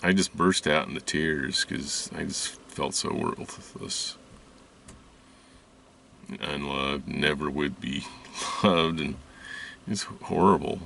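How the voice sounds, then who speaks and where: Man, very low gravelly voice, rambling personal storytelling host, recorded from a distance. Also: fairly even intonation, a bit bright, a little hiss or hum. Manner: halting, rambling, many restarts and fillers. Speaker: spiritual video host. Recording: voice distant from the mic.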